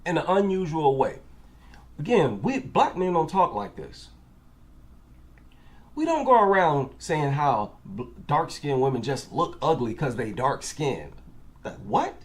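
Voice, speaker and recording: Slow, animated man doing commentary. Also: fairly high pitch. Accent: African American. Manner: incredulous, rhetorical questions. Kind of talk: reaction commentary.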